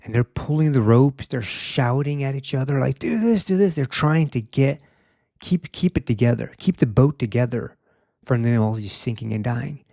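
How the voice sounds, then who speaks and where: A man's voice: mid-range voice, moderate pace, vocal fry, dark tone, dry recording, clean studio sound. A young man giving a casual, conversational sermon, often saying "like" and acting out quotes. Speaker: speaker.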